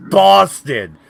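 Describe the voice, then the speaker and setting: Bright, lively man bantering loudly. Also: high voice, vocal fry, no room sound. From Oregon. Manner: loud, laughing, mock-angry ranting. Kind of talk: rowdy casual banter.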